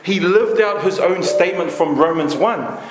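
A man's voice: high voice, moderate pace, slight background noise. A man preaching a passionate, emphatic sermon, building his points through repeated lists. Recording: echoey room.

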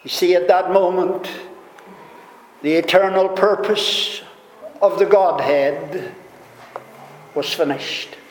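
A man delivers a sermon at a measured, unhurried pace, leaning into emphatic rises. His fairly high voice rings through a big, echoing hall. A faint room hum sits underneath. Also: fairly even intonation. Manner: slow, deliberate preaching with rising emphatic swells. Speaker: preacher. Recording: echoey hall reverb, faint room noise.

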